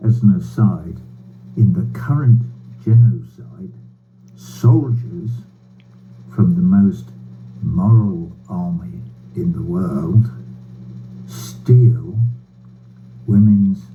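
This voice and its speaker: An older man giving a prepared, sardonic political speech over a video call, slow and bitter, with wry laughs and swearing. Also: low-pitched, soft background music. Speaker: speaker addressing a rally by video. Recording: tinny phone-like line with faint hum.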